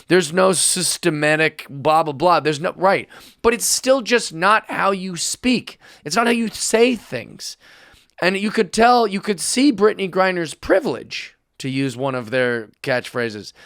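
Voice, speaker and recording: A man with a somewhat high voice delivers a comedic rant as a podcast host. He is animated and sarcastic, and often swells into loud mock outrage. The sound is close and dry, with no room echo. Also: measured pace.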